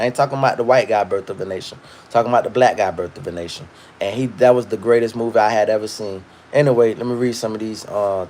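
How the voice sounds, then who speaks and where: A man hosting a livestream, ranting in a loud, profane, rambling way and reading viewer comments. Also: medium pitch. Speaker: livestream host. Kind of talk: casual livestream rant.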